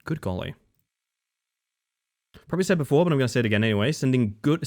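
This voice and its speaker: With a medium-pitched voice, he talks fast but pauses often as he streams a horror game live. He's animated, cusses freely, and keeps talking to his chat.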